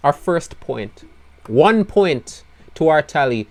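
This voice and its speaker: A man commentating live on his own gameplay, his voice going hoarse as he swings between low despairing mutters and loud excited outbursts. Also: takes it slowly. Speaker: gaming video creator.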